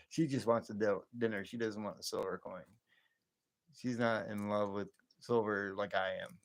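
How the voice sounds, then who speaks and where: A man with a fairly low voice hosting a relaxed late-night livestream. He rambles from story to story, laughs easily and answers viewers' comments as they come in. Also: moderate pace. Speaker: livestream host.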